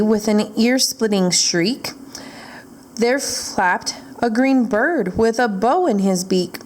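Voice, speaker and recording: A woman's voice: mid-range voice, slight background noise. A woman reading a rhyming picture book aloud at a library storytime. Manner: slow, rhythmic rhyming read-aloud.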